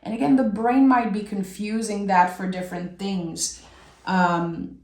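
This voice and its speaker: A woman in the middle of a tarot reading, speaking softly and slowly, and letting her phrases stretch out with feeling. Her voice sits at an ordinary pitch. It carries a noticeable echo from the room around her. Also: fairly even intonation. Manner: slow, soft and emotional, with drawn-out phrases. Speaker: tarot reader.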